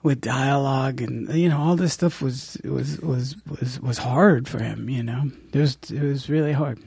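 A middle-aged man chatting in a loose interview, spinning anecdotes with plenty of stammered restarts and laughter. His voice sits at an ordinary pitch and sounds dry and close, with no room around it. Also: moderate pace, gravelly, a little mellow, slightly rough, no echo. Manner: rambling, laughing storyteller with many restarts. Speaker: comedian guest. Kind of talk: casual interview chat.

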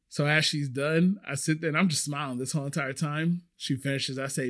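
A man who works as a restaurant server, telling a story in a chatty, animated way. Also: fairly high pitch, brisk, few pauses. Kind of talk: casual storytelling.

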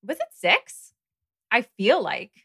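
Bright-voiced woman hosting a podcast. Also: a little high, wildly swooping pitch, slow pace, creaky, husky, no room sound, studio quality. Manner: warm, effusive, laughs often. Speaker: podcast host. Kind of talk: casual podcast chat.

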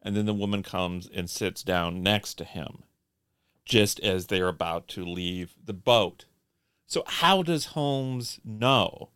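A man's voice: fairly low pitch, slow, a bit bright, smooth, dry recording, studio quality. A man from Indiana co-hosting a casual podcast chat, teasing and questioning in a wry way. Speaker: podcast co-host.

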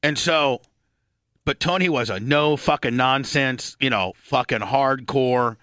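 A middle-aged man from Indiana hosting a radio talk show, telling a long story, swearing freely and clearing his throat often. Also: medium pitch, a little slow, sharp tone, no echo.

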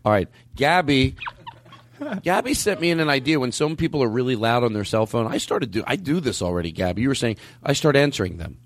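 Rambling man with a lively voice. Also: mid-range voice, fairly quick. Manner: rambling, self-interrupting storyteller. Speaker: podcast host. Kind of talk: casual chat.

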